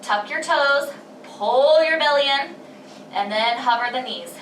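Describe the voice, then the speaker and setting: A woman's voice: sits high, measured pace, fairly bright tone, a little hiss or hum. A woman leading a pilates workout, counting breaths and reps in an encouraging way, slightly out of breath. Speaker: pilates instructor. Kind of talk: guided workout instruction. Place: home workout space. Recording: echoey room, mic at a distance.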